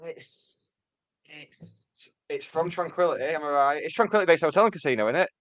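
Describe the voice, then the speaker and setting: A man's voice: on the high side, a little fast, fairly bright tone. A man co-hosting a casual music podcast, speaking hesitantly with stumbling repeats. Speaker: podcast co-host.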